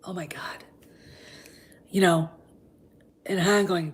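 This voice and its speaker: Brief: female fan-show host, casual rambling chat, husky and low, hushed asides. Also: fairly even intonation, slow. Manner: rambling, often drops into whispers.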